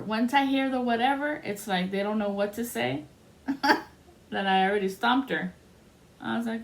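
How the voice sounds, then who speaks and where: A woman's voice: a little high, moderate pace, creaky. A woman telling a personal story in a blunt, casual way, acting out the voices of the people she quotes. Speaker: podcast host telling a story. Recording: faint background noise.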